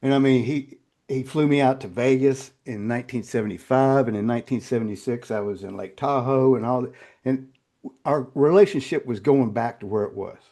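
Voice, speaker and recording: An older man, a guest telling personal stories in an interview, halting and repeating words, turning quiet and choked when emotional. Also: mid-range voice.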